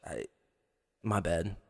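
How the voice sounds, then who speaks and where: A man's voice: low-pitched, vocal fry, a little mellow, slightly rough. A young man co-hosting a podcast, telling crude, profane stories and laughing often as he goes. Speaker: podcast co-host. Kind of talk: crude casual storytelling.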